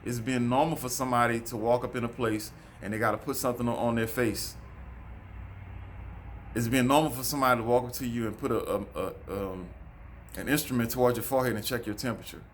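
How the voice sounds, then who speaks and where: A man's voice: mid-range voice, fairly even intonation, fast talker, slight background noise. A man, giving a preachy, repetitive vlog monologue and calling his viewers folks. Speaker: vlogger. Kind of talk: casual monologue to camera. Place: outdoors near a road.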